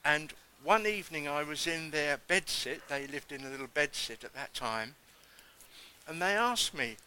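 A man preaches his testimony in a very bright, somewhat high voice. He tells the story emphatically and acts out the lines of others with wide swings in pitch. Faint noise sits behind him. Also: animated, normal speed, low-quality recording. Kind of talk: sermon testimony.

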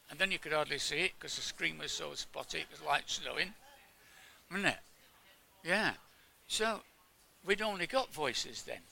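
A man's voice: on the high side, gravelly, sharp tone, slight background noise. An older man from England giving an informal sermon, chatting with his congregation and asking them questions. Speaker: preacher.

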